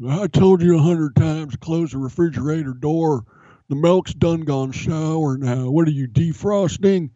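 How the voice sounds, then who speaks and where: A man's voice: a little high, measured pace, warm tone, no echo, pitched above the performer's own voice, lightly acted. A man doing an impression of an intense middle-aged football coach, droning on earnestly. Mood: nagging. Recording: dull, dry studio sound.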